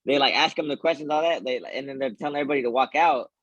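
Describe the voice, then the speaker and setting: Husky man rambling in casual chat. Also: mid-range voice, steady tone, very fast, a bit bright, dry recording, muffled recording. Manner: rambling, heavy on filler "like", laughs through his stories.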